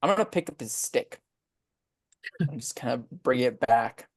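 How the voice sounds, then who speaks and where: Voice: medium pitch, animated, moderate pace. A tabletop game player who chats casually and rambles with lots of fillers. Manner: chatty, rambling with many fillers.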